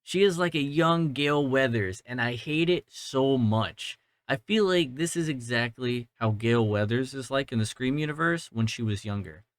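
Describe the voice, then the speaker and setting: Smooth-voiced young man, dry podcast mic. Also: medium pitch, normal speed, few pauses, no room sound. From Georgia, US. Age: 20s. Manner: rambling, profane, self-deprecating. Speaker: podcast host. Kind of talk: casual movie review monologue. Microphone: mounted podcast mic.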